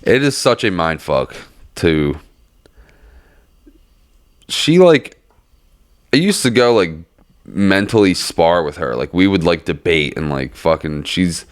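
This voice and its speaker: Deep-voiced young man, casual and profane. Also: very animated, takes it slowly, pauses often, no room sound. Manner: rambling, profane, full of "like" fillers; acts out quoted voices in a much higher pitch. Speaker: podcast co-host. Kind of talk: casual chat.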